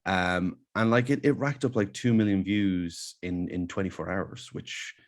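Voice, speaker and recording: An Irish man with a fairly low voice, relaxed and chatty as he spins a story on a podcast. He talks in bursts, with fillers and restarts, building each anecdote toward the punchline. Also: unhurried. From Ireland. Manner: animated anecdote-telling, lots of fillers. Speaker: comedian guest.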